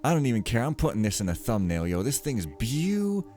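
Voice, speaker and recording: A man's voice: mid-range voice, sing-song, fast, dark tone, slight background noise. A man casually commenting on a game as he plays, rambling and jokey with lots of filler. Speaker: let's play host.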